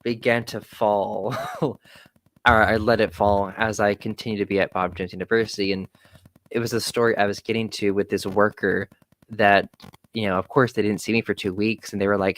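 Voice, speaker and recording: A young man telling stories in a casual chat, animated, quoting people, swearing and laughing often. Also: fairly low pitch, moderate pace, slight background noise, poor audio. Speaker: podcast guest.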